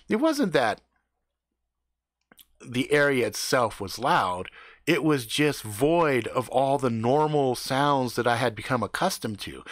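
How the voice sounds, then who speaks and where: A man telling a profane, animated improvised story. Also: medium pitch, dry recording, studio quality. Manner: profane, animated, drops to hushed tones for suspense.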